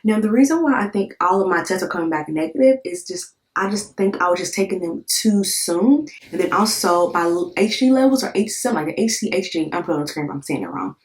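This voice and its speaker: A woman in her thirties speaks with a low voice, talking straight to her viewers. Her storytelling is candid and emotional, full of fillers and quick repeats. She lets curse words slip when she quotes her own thoughts. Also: big pitch swings. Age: 30s. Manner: conversational with many fillers and repeats. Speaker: vlogger. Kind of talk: casual storytelling to camera.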